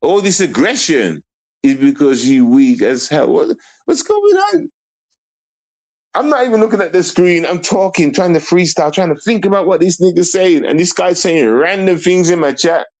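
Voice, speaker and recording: A man's voice: a little high, lively intonation, normal speed, darkish tone, poor audio. A man livestreaming, ranting at his chat in a profane, confrontational way, rambling and restarting his sentences. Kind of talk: live stream rant at chat.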